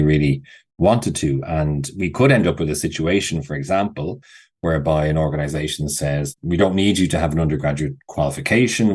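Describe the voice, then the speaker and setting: Deep husky guy, middle-aged, guest on a podcast, thinks out loud and restarts a lot. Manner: thoughtful, explanatory, with frequent restarts. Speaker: guest, associate professor. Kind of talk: podcast interview.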